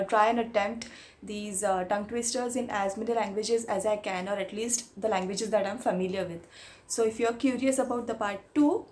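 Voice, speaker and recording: A woman's voice: medium pitch, darkish tone. A woman, a Marathi speaker, chatting casually on her vlog and reading tongue twisters aloud. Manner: chatty, giggly, switches between English and Hindi. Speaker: YouTuber.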